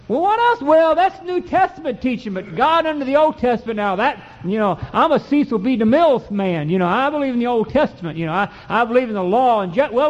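High-voiced fervent male preacher. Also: in a large hall. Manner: folksy, emphatic, rising to fervent peaks. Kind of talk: sermon with scripture reading. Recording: dull lo-fi recording.

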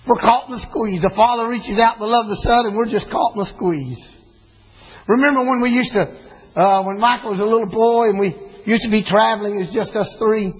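A man's voice: high-pitched, normal speed, husky, poor audio. An older man, preaching a sermon with folksy storytelling and emphatic rises.

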